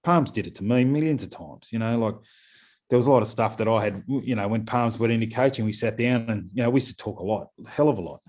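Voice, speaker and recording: A man's voice: mid-range voice, quick pace, darkish tone. A middle-aged Australian man, a scrum coach talking in a casual podcast interview, rambling with lots of fillers and repeated words.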